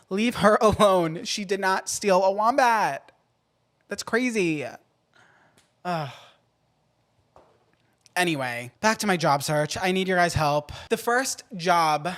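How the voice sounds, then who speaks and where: A man hosting a podcast in a casual, playful way, swinging between loud outbursts and quiet asides. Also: a little high. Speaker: podcast host.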